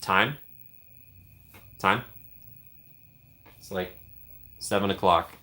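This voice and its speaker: A man with a somewhat low voice and a bright, forceful edge hosts a relaxed live stream. He talks in an upbeat, chatty way and reacts to his viewers by name as their comments roll by. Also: very slow. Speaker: streamer host. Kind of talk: casual live-stream chat reading comments.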